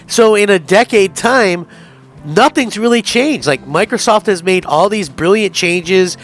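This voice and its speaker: A man's voice: high voice, a bit bright. A man hosting a gaming channel, giving earnest, emphatic news commentary straight to his viewers.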